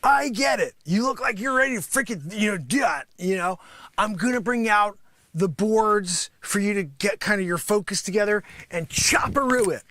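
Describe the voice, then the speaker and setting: A man improvising a boastful self-styled martial arts sensei who brags and breaks into shouts. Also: high voice, expressive, normal speed, no echo, pitched above the performer's own voice. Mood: boastful, indignant. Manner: bragging, worked up, shouting in bursts. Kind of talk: live improv comedy.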